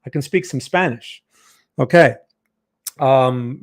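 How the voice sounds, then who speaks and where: New Jersey-accented man, fairly high voice, chatty live-stream trading teacher. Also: lively intonation, normal speed, darkish tone. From Northern New Jersey, USA. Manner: chatty, talks to chat viewers. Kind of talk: live-stream market lesson.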